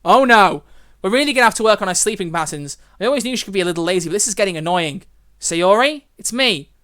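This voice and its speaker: High-voiced young man playing a visual novel. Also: animated, very fast. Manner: chatty, reactive, frets aloud. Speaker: let's play host. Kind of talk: reading a visual novel aloud with commentary. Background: soft game music.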